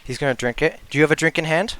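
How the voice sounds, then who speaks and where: A man leads a tabletop session as dungeon master, patient and full of fillers. His throat is sore, yet his voice stays bright and smooth. The sound is dry and close. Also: fairly high pitch, racing, no echo. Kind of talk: narrating a tabletop game over voice chat.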